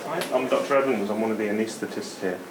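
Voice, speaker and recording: Male anaesthetist, low gravelly voice, soothing with a child, clear hospital noise. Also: fast talker. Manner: soft, reassuring, simple words for a child. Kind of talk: gentle talk to a child patient. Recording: noisy hospital background.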